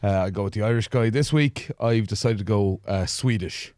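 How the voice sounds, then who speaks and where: A man co-hosting a podcast, teasing the others and quick to laugh. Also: fairly low pitch, darkish tone, dry recording, clean studio sound. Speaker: podcast co-host. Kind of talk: casual banter.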